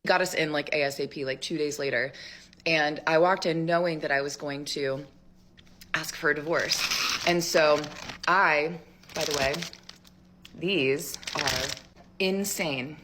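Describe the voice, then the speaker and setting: Chatty low-voiced woman telling a story. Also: measured pace, long pauses, a bit bright, slight background noise. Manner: chatty, with many fillers. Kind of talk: casual vlog storytelling.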